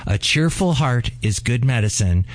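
A male radio announcer reading a station announcement in a friendly, measured way. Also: mid-range voice, expressive, dry recording.

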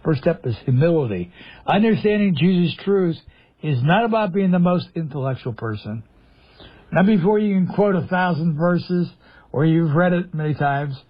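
A man delivers a sermon over the radio in a husky, slightly raised voice. He drives his points home with emphasis, posing questions to listeners and answering them himself. The broadcast sound is dull and lo-fi. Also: a little high, lively intonation, normal speed. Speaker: preacher.

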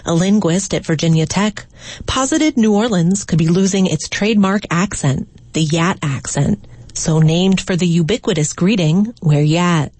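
A woman radio news host introducing a story in a measured, clear read. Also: on the low side, darkish tone, no room sound. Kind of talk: scripted news presentation.

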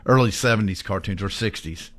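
A man's voice: fairly low pitch, a little fast, a bit bright, no echo. A man co-hosting a casual chat, joking and telling little stories.

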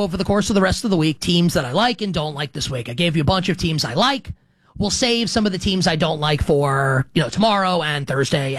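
A middle-aged man hosts a sports betting show in a casual sports talk monologue, rambling, correcting himself, and keeping it conversational. His voice is a little high and a bit bright, and the recording is dry.

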